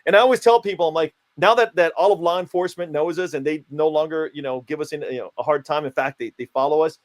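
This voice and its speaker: A man giving playfully absurd, mock-stern interview answers in a deadpan comic style. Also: a little high, quick pace. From United States. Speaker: guest, self-declared country founder.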